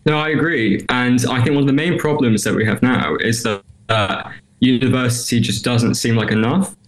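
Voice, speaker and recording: A man's voice: medium pitch, moderate pace. A young man in his twenties, a student guest on a radio show, speaking thoughtfully with many hedges. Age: 20s. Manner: thoughtful, hedging with you know and I guess. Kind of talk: radio interview.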